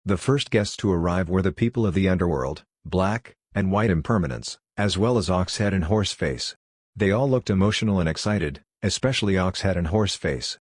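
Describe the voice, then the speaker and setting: A man narrating an audiobook in a steady, plain way. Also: sits low, brisk, no echo, clean studio sound. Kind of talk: scripted narration.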